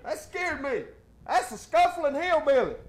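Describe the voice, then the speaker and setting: A man hosts a call-in TV show, his voice pitched high. He jokes and boasts in a casual drawl while taking calls. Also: expressive, unhurried. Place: TV studio.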